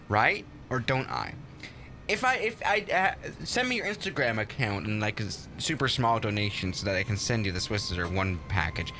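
Young male streamer, lively, bright voice, rambling chatter with lots of restarts. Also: mid-range voice, a little hiss or hum. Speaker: live stream host. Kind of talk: casual flight-sim stream commentary.

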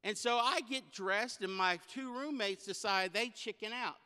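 A man giving a guest sermon as an animated, comic storyteller. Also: high voice, moderate pace, clean tone. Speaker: guest speaker. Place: church sanctuary. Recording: long church hall reverb.

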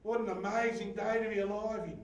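A man preaching a sermon as pastor, swinging between loud, excited exhortation and quiet scripture reading. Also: high-pitched, brisk, reverberant, recorded from a distance, rough recording. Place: church fellowship hall.

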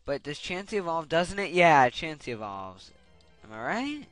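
A man's voice: fairly high pitch, sing-song, normal speed, a bit bright, no room sound. A young man giving casual gameplay commentary, getting frustrated and swearing as he rants. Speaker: Let's Play commentator. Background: game music.

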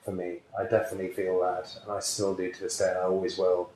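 A man's voice: sits low, monotone, fast, a little mellow, slight background noise. A British man, a psychic healer, earnestly and emotionally telling a personal story in an interview. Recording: very echoey room, faint ambience.

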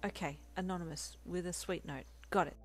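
A woman voicing a cheerful, bashful young male hero who talks softly and eagerly, in a storybook reading. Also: lowish voice, steady tone, brisk, soft background music, natural voice. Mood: affectionate. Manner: soft, eager and sweet.

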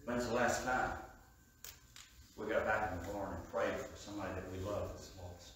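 An older man preaching a sermon, telling stories that swing from soft asides to loud, emphatic peaks. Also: on the low side, normal speed, a little hiss or hum. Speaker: evangelist preacher. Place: church sanctuary. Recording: echoey church room heard from a distance.

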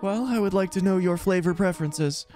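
A man voicing a gentle, motherly goat woman in a game, speaking formally and politely with no contractions. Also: high-pitched, a little fast, soft background music, voice pushed up, lightly acted.

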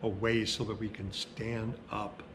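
Middle-aged pastor telling stories in a sermon. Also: male voice, fairly low pitch, flat delivery, a bit bright, a little hiss or hum. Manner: conversational storytelling, slowing for emphasis.

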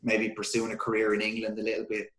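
A man's voice: lowish voice, completely flat delivery, fast talker, fairly bright tone. Candid Irish man telling football stories. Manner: candid, swears freely, many restarts and fillers. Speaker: guest, former footballer. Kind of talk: casual storytelling interview. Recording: roomy echo.

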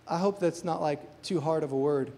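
A man preaches at a church service in a fairly high, mellow voice. He speaks earnestly and presses his listeners with questions. The sound carries a long reverb, as in a large hall. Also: normal speed. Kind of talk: sermon.

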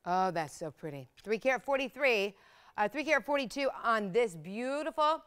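A woman hosting live jewelry sales, talking in fast, excited hard-sell patter. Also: fairly high pitch, smooth. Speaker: shopping channel host.

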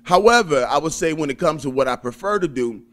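Jokey Southern man, slightly high voice. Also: lively intonation, fairly quick, fairly bright tone. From Birmingham, Alabama. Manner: laid-back, jokey, chuckling often. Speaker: stand-up comedian guest. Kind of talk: casual interview chat.

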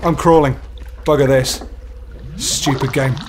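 A man's voice: mid-range voice, steady tone, unhurried, slight background noise. A man giving horror game commentary, muttering to himself and swearing freely. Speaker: gaming YouTuber. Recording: game music playing under the voice.

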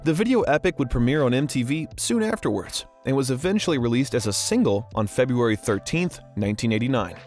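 A man with a mid-range voice reads a scripted documentary narration as the channel's host, delivering it in a polished voice-over style.

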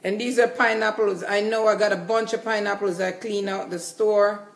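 A woman's voice: medium pitch, steady tone, normal speed, vocal fry. A woman vlogger chatting casually and enthusiastically while showing her groceries, repeating herself as she goes. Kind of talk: casual grocery haul vlog.

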